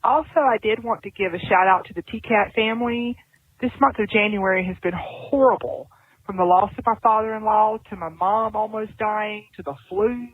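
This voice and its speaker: A woman's voice: medium pitch, moderate pace, slightly rough, no room sound. A woman from Georgia leaving a heartfelt, grateful voicemail. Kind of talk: voicemail message. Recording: dry, tinny phone line.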